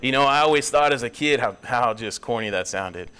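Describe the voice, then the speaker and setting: A young man preaching in a church, earnest, his voice climbing high and loud when he presses a point. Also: animated, a little fast, smooth. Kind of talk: sermon. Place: church sanctuary.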